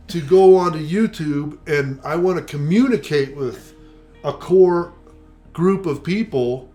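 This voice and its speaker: A man's voice: fairly high pitch, unhurried, soft background music. An older man co-hosting a casual conversation, telling stories and acting out the voices of the people he quotes. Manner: animated storyteller, acts out quoted voices. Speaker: co-host.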